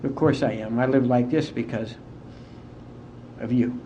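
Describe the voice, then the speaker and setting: A middle-aged AA speaker from West Virginia recounts his recovery at a conference in a soft, mellow, medium-pitched voice, steady in tone. He is unhurried and heartfelt, and the old tape sounds dull and muffled with a faint hiss.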